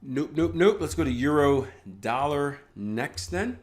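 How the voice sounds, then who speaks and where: A man's voice: on the high side, expressive, a little slow, a little mellow. A man hosting a live trading room, analyzing charts in a casual, chatty way with rambling asides.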